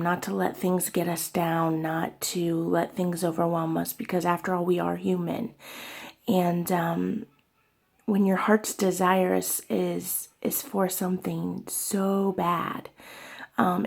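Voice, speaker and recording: A young woman talking in an emotional personal vlog, halting and tearful, with many fillers and soft whispered stretches. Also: fairly low pitch, gravelly, husky. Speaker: vlogger.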